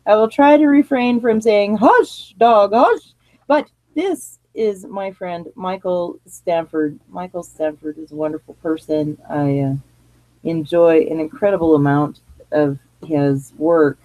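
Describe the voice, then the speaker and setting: A woman's voice: lowish voice, steady tone, measured pace, dark tone, no echo, poor audio. Rambling, chatty woman hosting from home. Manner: rambling and chatty, laughing at herself. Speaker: radio show host. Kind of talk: casual live radio chat. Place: living room at home.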